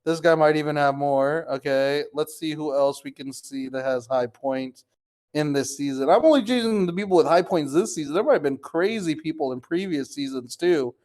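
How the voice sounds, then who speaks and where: A man's voice: on the high side, normal speed, darkish tone. A young man, talking casually as he clicks through wallets on a stream, incredulous and swearing, addressing viewers as guys. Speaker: crypto streamer. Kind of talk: live screen-share commentary.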